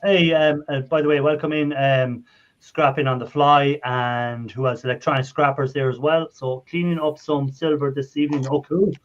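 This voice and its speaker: A man's voice: fairly high pitch, fairly even intonation, normal speed. An Irish man hosting a casual live chat, rambling and friendly, laughing often. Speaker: livestream host. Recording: dull lo-fi stream audio.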